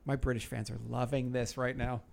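A man's voice: mid-range voice, level tone, a little fast, gravelly, a little mellow. A man hosting a podcast, teasing his guests and swearing freely in casual chat. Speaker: podcast host.

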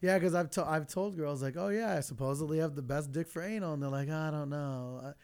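A man speaks as a guest in a casual chat, hesitant and curious, and asks questions. His voice is a little higher than most men's. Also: fast talker, a little mellow, smooth.

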